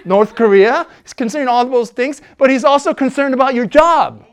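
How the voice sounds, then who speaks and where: A man preaching a sermon as a pastor. He talks conversationally with fillers, and swings between loud, emphatic preaching and soft, low asides. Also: normal speed, clear, resonant tone. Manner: conversational, with fillers and self-corrections.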